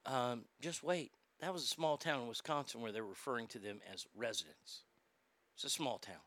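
A man's voice: mid-range voice, normal speed, a bit bright. A man ranting in a sarcastic, indignant, profane commentary, recorded on a close mic. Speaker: social media commentator.

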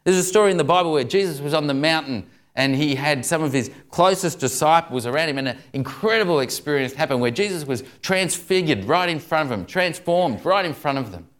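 Aussie preacher guy telling jokes in a sermon, laughs at his own punchlines, higher-ish voice. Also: expressive, fairly quick, few pauses, a bit bright. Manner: jokey storyteller, chuckles through punchlines. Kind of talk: sermon with humorous stories.

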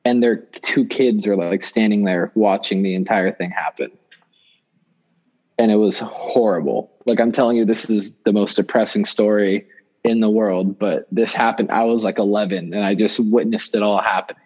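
A man's voice: on the low side, steady tone, normal speed, darkish tone, poor audio. A young man telling a personal story in casual talk, rambling with many fillers and restarts. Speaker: guest storyteller.

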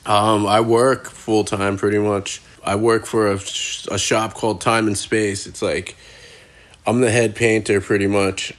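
A man with a fairly low voice talks as a guest on a podcast. His storytelling is casual and rambling, full of profanity and easy laughter. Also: flat delivery, a little slow.

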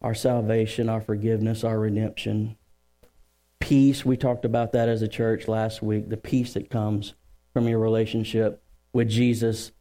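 A pastor with a lowish voice preaches a sermon in church at normal speed. He jokes with the crowd and shares family stories, working the room lively before moving into scripture.

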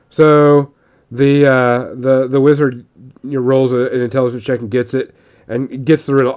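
A man's voice: mid-range voice, fairly even intonation, normal speed, a little mellow, smooth. A man casually telling a tabletop gaming story, rambling with frequent restarts and quoted voices.

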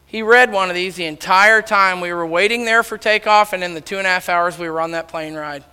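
Loud high-voiced male preacher in a hall. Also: brisk, clean tone. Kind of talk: sermon storytelling. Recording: long reverb of a large hall.

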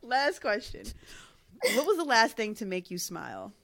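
A woman's voice: fairly high pitch, wildly swooping pitch, normal speed, fairly bright tone. A woman co-hosting a casual interview podcast, bubbly and encouraging toward her guest. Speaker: podcast co-host.

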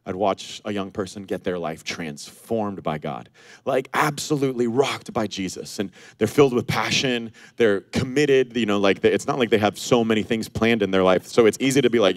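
A man in his thirties preaching a sermon as pastor, animated, acting out the voices he quotes. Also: on the low side, moderate pace, dry recording, clean studio sound.

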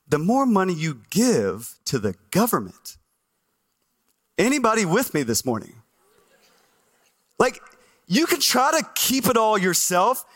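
A man pastor preaching a sermon to a congregation, animated and asking the crowd questions, recorded on a stage microphone in a church. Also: sits high. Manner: animated, asks the congregation questions, acts out listeners' voices.

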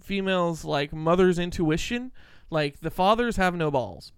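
Joking male radio host, smooth voice. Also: sits high, lively intonation, dry recording, studio quality. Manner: joking, loose, talks in quick bursts. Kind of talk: casual radio banter.

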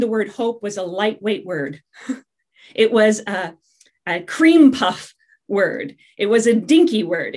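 Chatty woman preacher giving a sermon. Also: mid-range voice. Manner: conversational and humorous, with fillers.

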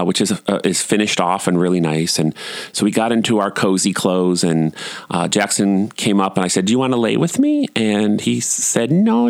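Animated low-voiced middle-aged man rambling. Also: no room sound. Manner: animated, rambling, swears freely, laughs at himself. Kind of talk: casual storytelling monologue.

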